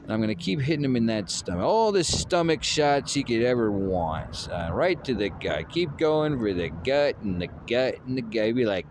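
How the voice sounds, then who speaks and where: A man's voice: mid-range voice, animated, normal speed, few pauses, slight background noise. A man recording himself on his phone, rambling through boastful, playfully taunting trash talk about a fight. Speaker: vlogger.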